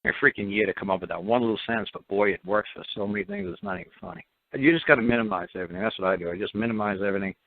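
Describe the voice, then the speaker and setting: A man's voice: lowish voice, big pitch swings, racing, creaky. A man hosting a call-in radio talk show, talking bluntly and emphatically, repeating himself and throwing in mocking asides. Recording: phone-line audio, dry.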